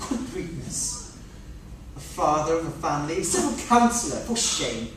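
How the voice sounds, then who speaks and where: An actor playing a stern friend who scolds and reproaches in a stage rehearsal, recorded from afar in an echoey room. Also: male voice, a little high, big pitch swings, unhurried, a bit bright, far from the mic, a little hiss or hum. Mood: reproachful.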